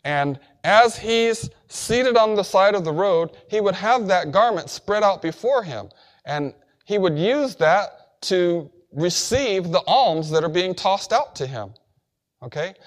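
A man's voice: sits high, expressive, slow pace. A man preaching a sermon as pastor, building to emphatic cries and dropping into casual slang and acted-out quotes. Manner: conversational asides and slang.

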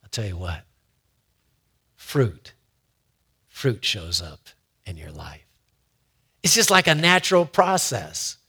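A man's voice: lowish voice, wildly swooping pitch, slow pace, long pauses, bright, forceful tone, slightly rough. A man giving a conversational sermon in a folksy way, often repeating words as he builds a point. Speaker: preacher.

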